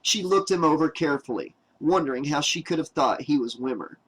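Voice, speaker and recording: A man with a slightly higher-than-usual voice reads a novel aloud at an even, measured pace. His delivery is steady, as an audiobook narrator working through long passages of prose. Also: breathy edge, rough recording.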